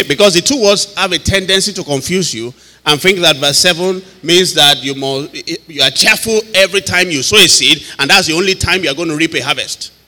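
A man's voice: on the high side, sharp tone, big-room sound. A man teaching a Bible study as a pastor, talking conversationally, laughing often and asking listeners if they follow.

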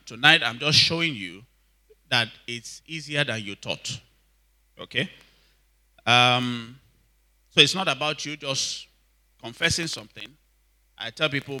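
A man preaching, his voice very bright and cutting. He drives points home by repeating lines and asking the congregation to answer back. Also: mid-range voice. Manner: emphatic, repeats lines, asks the congregation for responses. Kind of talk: sermon.

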